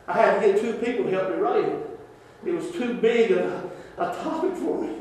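A man preaching as a pastor, telling stories in an animated way, often laughing and dropping to hushed tones. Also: high-pitched. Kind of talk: sermon storytelling. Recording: echoey church hall.

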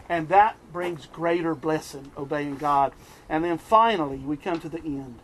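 A middle-aged man from the US East Coast preaching a sermon, telling stories in an animated way and chuckling often. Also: on the high side, a little slow, a little hiss or hum.

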